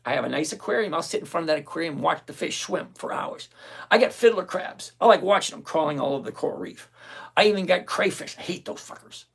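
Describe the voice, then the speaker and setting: A retired older host runs a live investing stream, chatting straight to the camera and firing back at viewer comments. The voice is gravelly and sits at a middle pitch. The delivery is blunt and sarcastic, and the host repeats phrases over and over to drive each point home. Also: animated, fast.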